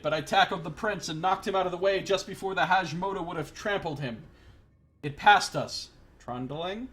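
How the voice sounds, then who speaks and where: A man's voice: sits high, fairly bright tone. A man streaming a game, reading its story aloud with wry asides. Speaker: let's play streamer.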